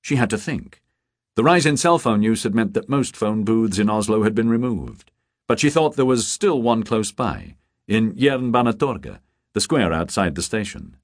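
A man narrating a novel as an audiobook, measured and expressive. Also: fairly low pitch, no echo, clean studio sound. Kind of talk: scripted narration.

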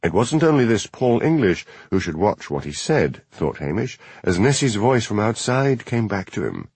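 A man narrating an audiobook in a measured, expressive reading. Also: fairly low pitch, slightly rough, no room sound. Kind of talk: scripted narration.

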